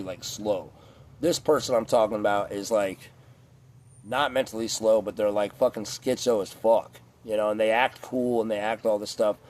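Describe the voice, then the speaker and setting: A man's voice: mid-range voice, darkish tone, slight background noise. A man in a casual, rambling vlog rant, profane and digressive, a few beers in. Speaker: vlogger.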